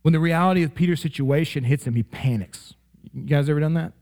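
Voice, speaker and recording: A man delivers a sermon in a relaxed, chatty way, often checking in with his listeners. His voice sits slightly high for a man. He gets animated, leaping up in pitch when he acts out everyday examples. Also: quick pace. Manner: conversational, frequent "right?" and "like" asides; animated, rising sharply in playful examples. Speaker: pastor.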